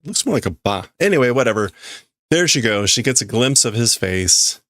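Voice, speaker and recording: A man's voice: medium pitch, very animated, normal speed, a bit bright, no echo, clean studio sound. A man livestreaming as he reads and translates manga in a casual way, thinking aloud and often stopping to correct himself.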